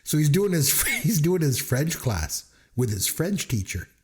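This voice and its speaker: Animated, laughing Canadian man. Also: fairly high pitch, measured pace. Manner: animated storyteller, laughs often. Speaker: podcast co-host. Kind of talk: casual chat.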